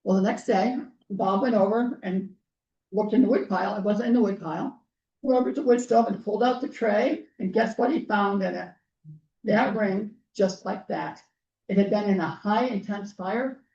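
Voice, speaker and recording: A woman guest speaker telling personal stories to a group, earnest and clearing her throat often as her voice gives out. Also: mid-range voice, normal speed, mellow. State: losing her voice. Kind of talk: personal storytelling talk. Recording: roomy, distant, dull lo-fi sound.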